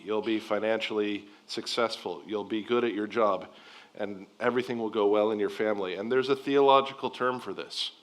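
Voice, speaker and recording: Earnest low-voiced male pastor preaching. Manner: earnest, emphatic, dropping softly at phrase ends. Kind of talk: sermon. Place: church.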